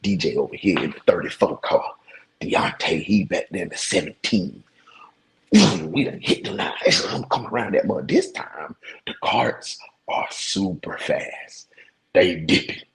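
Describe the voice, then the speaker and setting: Gravelly animated man telling stories. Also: sits low, measured pace, low-quality recording. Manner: animated, slangy, talks straight to his audience. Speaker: host. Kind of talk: casual storytelling to viewers.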